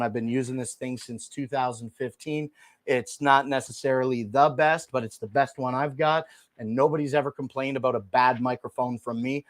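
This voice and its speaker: A man hosting a live shopping stream, chatting casually and softly to viewers while demoing gear on a lapel mic. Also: mid-range voice, moderate pace, dry recording. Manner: chatty, rambling, talks straight to viewers; speaking softly and relaxed instead of his usual loud delivery. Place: indoor room, moving around on camera. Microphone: wireless lapel mic.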